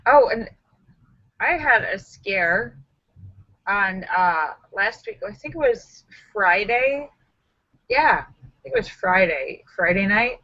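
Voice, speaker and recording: A woman's voice: medium pitch, animated, takes it slowly, long pauses, sharp tone, highs cut off. A woman hosting a casual live stream, chatting with viewers in a sassy, joking, self-mocking way.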